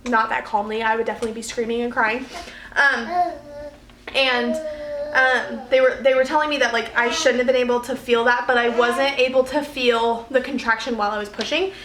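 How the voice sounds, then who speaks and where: High-voiced chatty young woman vlogger. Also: fairly quick, a little hiss or hum. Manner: chatty, animated, many fillers and laughs. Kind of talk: casual storytelling. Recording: echoey room.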